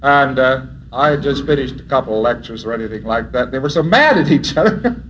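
A man's voice: medium pitch, animated, a little fast, fairly bright tone, highs cut off, a little hiss or hum. A man giving an anecdotal lecture who chuckles often and acts out dialogue in his stories.

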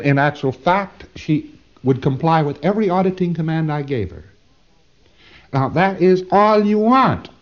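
A man lectures to a class in a rambling, emphatic way, doubling back on his words. His pitch rises and falls a great deal. The recording is a dull, lo-fi old tape. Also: darkish tone.

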